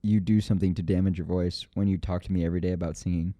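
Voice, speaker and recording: A young man guesting on a podcast, teasing his friend in a laid-back, deadpan way with frequent hesitations. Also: deep voice, racing, dry recording. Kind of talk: casual podcast banter.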